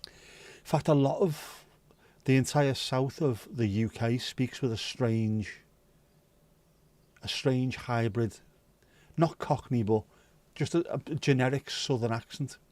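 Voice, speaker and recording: A man hosts a relaxed livestream, rambling and musing aloud to his viewers and swearing freely as he goes. His voice sits at an ordinary middle pitch. The sound is dry and close, with no room echo. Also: slow pace, long pauses. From Wales. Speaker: livestream host. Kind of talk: casual chat with viewers.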